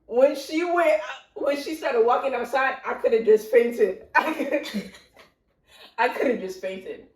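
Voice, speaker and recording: A woman telling a childhood story in casual chat, animated and laughing, acting out voices. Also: a little high, a little slow. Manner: animated, laughing, acts out voices in her stories. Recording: roomy echo.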